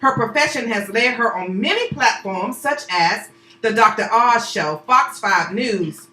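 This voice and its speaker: A woman's voice: on the high side, animated, unhurried, pushed and bright, echoey room, low-quality recording. A woman hosting a live talk show, exuberant and chatty, whooping and cheering as she introduces her guests in the studio on a handheld microphone.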